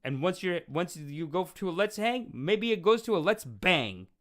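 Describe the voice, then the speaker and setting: Rambling, animated young man hosting a show. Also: high-pitched, normal speed. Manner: rambling, animated, with frequent restarts and put-on quotes. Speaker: show host and self-styled spiritual teacher. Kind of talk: casual livestream call-in talk.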